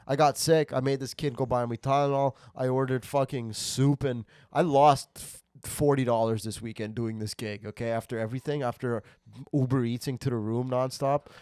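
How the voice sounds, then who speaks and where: A man hosting a casual podcast, telling animated stories with lots of swearing. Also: mid-range voice, moderate pace, clean tone, dry recording, clean studio sound. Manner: animated storytelling, swears a lot, yells when worked up. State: recovering from a cold. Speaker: podcast host, comedian.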